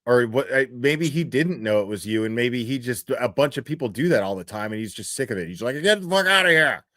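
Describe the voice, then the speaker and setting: A man's voice: mid-range voice, fairly quick, no echo, clean studio sound. A man hosting a casual chat, laid-back, laughing and swearing as he talks.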